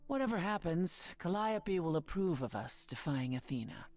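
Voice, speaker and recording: A woman voicing a low, hushed, resolute ally. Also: lively intonation, normal speed, natural voice. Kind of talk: video game voice acting.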